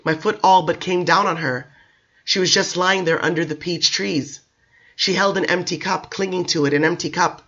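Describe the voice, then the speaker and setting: A man's voice: high voice, steady tone, moderate pace, pushed and bright, breathy edge, muffled recording, full character voice. A man voicing a distraught, drunk Englishman who pleads and talks emphatically, in a storybook reading. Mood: desperate. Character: distraught Englishman, middle-aged, drunk and desperate.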